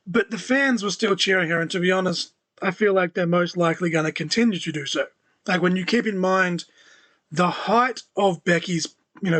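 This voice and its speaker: A man's voice: a little high, fairly bright tone. Chatty man hosting a solo podcast. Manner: conversational, many "you know" fillers, dry sarcastic asides. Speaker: podcast host. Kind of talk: solo wrestling news podcast.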